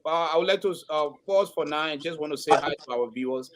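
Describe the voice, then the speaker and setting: High-voiced rambling man hosting. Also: fast, slight background noise. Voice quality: rambling, stammering restarts, laughs often. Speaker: host. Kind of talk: casual live-stream panel chat.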